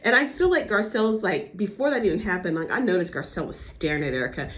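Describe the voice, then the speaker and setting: A young woman recapping a reality TV episode in casual gossip chat, animated and acting out the cast's lines. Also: medium pitch, fast talker. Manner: animated, acts out quotes with impressions.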